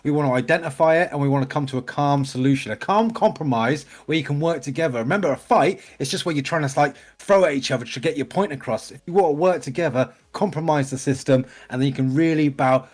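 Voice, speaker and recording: A man, a life coach co-hosting an advice show, brash, swearing freely and hyping up the listener. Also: medium pitch. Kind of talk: casual advice talk.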